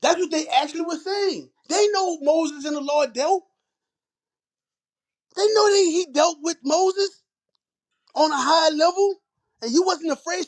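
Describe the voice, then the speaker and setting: Blunt high-voiced preaching man. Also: animated, normal speed. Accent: African American Vernacular English. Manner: blunt, commanding, interjecting often. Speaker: teacher leading a scripture reading. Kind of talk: street preaching commentary.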